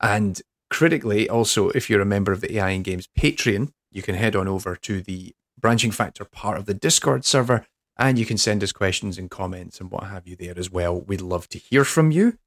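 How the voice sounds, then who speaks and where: A man's voice: lowish voice, brisk. Rambling English man hosting a podcast. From England. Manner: rambling, self-deprecating, hesitant with restarts. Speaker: podcast host. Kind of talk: casual podcast chat.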